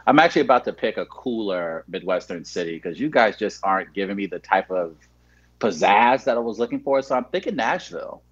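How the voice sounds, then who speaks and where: A man with a St. Louis accent, bantering on a comedy show with deadpan, boastful storytelling. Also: fairly low pitch, brisk, husky, dull audio.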